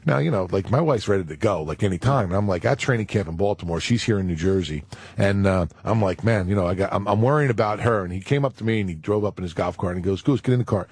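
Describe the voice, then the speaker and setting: A man's voice: low voice, fast talker, darkish tone, slightly rough. A male former football player, a guest on a radio show, telling stories with lots of "you know" and acting out the quotes. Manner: storytelling, acts out quotes. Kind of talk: casual radio studio talk. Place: radio studio.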